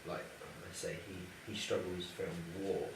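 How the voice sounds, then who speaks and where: A young man earnestly pitching his documentary idea to a group, with some halting restarts. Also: monotone, gravelly. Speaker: student presenting a documentary idea. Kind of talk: casual group discussion. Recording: echoey room from far off, noisy.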